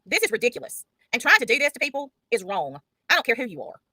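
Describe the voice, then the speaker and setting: A woman's voice: a little high, sing-song, fast, bright, forceful tone, no room sound, low-quality recording. A woman hosting a casual livestream, blunt and profane, mocking the people she talks about. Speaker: livestream host.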